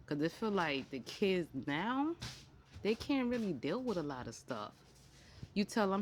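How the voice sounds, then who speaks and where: A woman's voice: medium pitch, a little slow, background noise. A woman in her forties vlogging in a casual monologue, rambling and jumping from topic to topic. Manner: rambling, jumps between topics; animated, slides into acted-out quotes.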